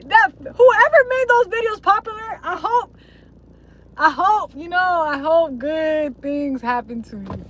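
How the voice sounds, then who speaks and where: High-voiced rambling woman streamer. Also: lively intonation, measured pace, a little hiss or hum, rough recording. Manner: rambling, slangy and profane, mocking voices. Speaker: live streamer. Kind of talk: casual livestream chat to viewers.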